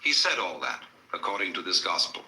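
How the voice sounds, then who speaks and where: Man giving a talk to an audience, dry witty asides, very bright tone, roomy hall sound. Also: sits low, sing-song, a little fast, a little hiss or hum. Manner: wry, storytelling, with dry asides. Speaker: lecturer. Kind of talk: public lecture to a live audience.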